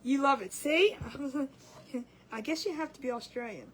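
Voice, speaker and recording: A woman's voice: high voice, measured pace, a bit bright, a little hiss or hum. A woman hosting a casual craft livestream, chatty and giggly, rambling with restarts as she works.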